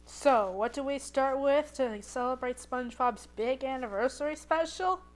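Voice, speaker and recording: A woman's voice: sits high, moderate pace, a little hiss or hum. A woman narrating a casual, sarcastic cartoon review as the channel host. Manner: snarky, sarcastic.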